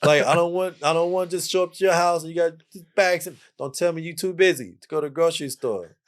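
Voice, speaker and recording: A man in his thirties speaks with a fairly high voice. He lectures in a teasing, preachy way on a podcast and checks in with "okay?" as he goes. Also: fast talker. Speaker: podcast guest, musician. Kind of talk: casual chat.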